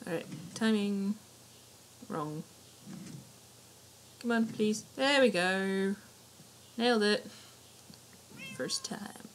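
A woman talks her way through a video game in loose, chatty commentary, muttering to herself and swearing now and then. Her voice sits in a middle pitch, and steady clicking carries on behind her. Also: drawn-out words, pauses often, a little hiss or hum. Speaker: gaming channel host. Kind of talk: casual let's-play commentary.

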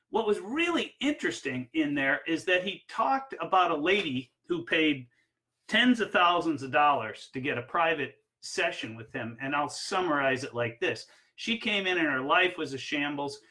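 Male ski coach, bright, slightly high voice, energetic storyteller with lots of fillers. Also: poor audio. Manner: energetic, anecdotal, with frequent fillers. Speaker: barefoot water ski coach. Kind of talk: instructional talk with personal stories.

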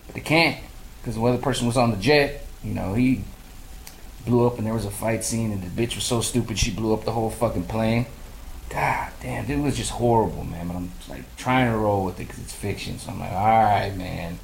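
A man's voice: mid-range voice, a little fast, vocal fry, roomy sound, low-quality recording. A man casually ranting in a movie review, swearing freely and acting out his own reactions. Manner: profane, animated storytelling, mimics his own reactions. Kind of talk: casual rant.

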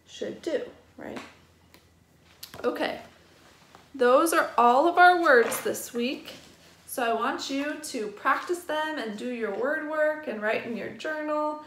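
Teacher lady spelling words out for little kids, slightly high voice, roomy echo. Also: slight background noise. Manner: spells words out slowly and explains gently. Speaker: first grade teacher. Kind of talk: remote vocabulary lesson for young children. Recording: echoey room.

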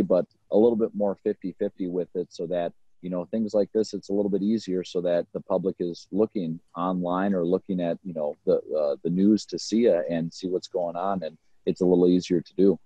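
Deep dark husky guy, fire dept officer, talks w lots of ums, muffled lo-fi sound. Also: no echo. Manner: filler-heavy, practical explaining. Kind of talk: video call panel discussion.

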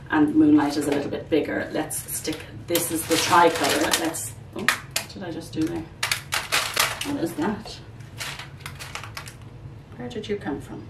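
A middle-aged woman chatting casually while she repots her plants, rambling and calling her viewers "guys". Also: low-pitched. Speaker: plant vlogger. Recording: echoey room, distant mic, background noise.

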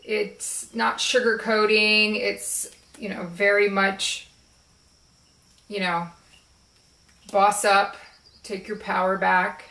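A woman chatting casually and slowly about her favorite card decks, with relaxed fillers as she shows them. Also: mid-range voice, vocal fry, distant mic. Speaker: spiritual video creator. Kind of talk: casual show-and-tell chat. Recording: roomy echo, voice a bit off-mic.

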